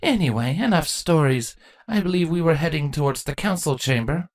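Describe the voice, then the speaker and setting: A woman voicing a proud, sardonic female changeling queen who speaks in a deadpan, matter-of-fact way, in a fan fiction reading. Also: sits low, a little fast, no room sound, voice pushed up.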